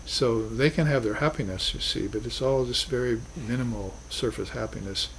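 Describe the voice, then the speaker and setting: A man's voice: medium pitch, moderate pace, slight background noise, poor audio. Earnest male spiritual teacher lecturing. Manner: earnest, reflective, rises to emphatic bursts. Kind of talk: recorded class lecture.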